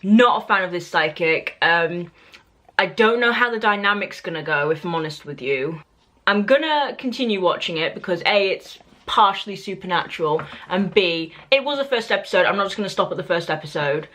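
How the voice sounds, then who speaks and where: A woman's voice: on the low side, lively intonation, brisk, fairly bright tone. Chatty British woman reviewing TV. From Britain. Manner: chatty and opinionated, with frequent fillers and restarts. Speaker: book and TV reviewer. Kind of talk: casual review vlog to camera.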